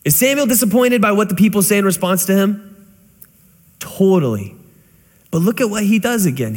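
A man in his thirties preaching a conversational sermon, full of rhetorical questions. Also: sits high. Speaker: pastor. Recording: long reverb of a large hall.

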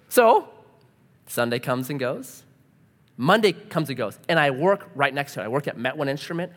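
A man's voice: on the high side, very animated, moderate pace, fairly bright tone. A man preaching a sermon, telling a personal story and acting out the dialogue with laughs. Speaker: pastor. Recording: long hall reverb.

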